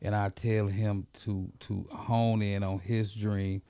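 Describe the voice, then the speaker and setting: A middle-aged man, a podcast guest, telling a story in a lively, casual way and often checking in with "right?". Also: lowish voice, slow pace, clean tone, no room sound.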